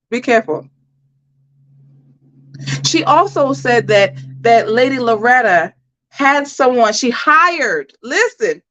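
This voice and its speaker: A woman hosting a livestream, giving animated, emphatic commentary and talking straight to her chat. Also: medium pitch, dull audio. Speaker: host.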